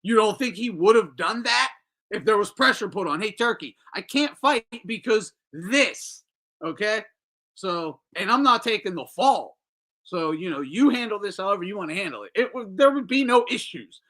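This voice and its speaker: Speaking briskly in a high voice, a man hosts a boxing talk show full of casual commentary. He's animated, swears freely, mocks his subjects, and reads out and responds to messages from his chat.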